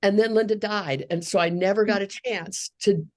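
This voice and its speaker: A woman's voice: medium pitch, moderate pace. A woman in her sixties, a speech therapist, telling a long personal story in an interview, acting out the people she quotes. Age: 60s. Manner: earnest, animated storytelling with quoted voices.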